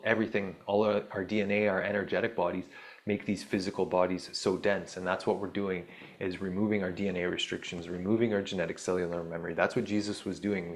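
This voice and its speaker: Gravelly low-voiced man musing casually. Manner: rambling, self-interrupting, wry asides. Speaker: podcast host. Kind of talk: casual spiritual monologue.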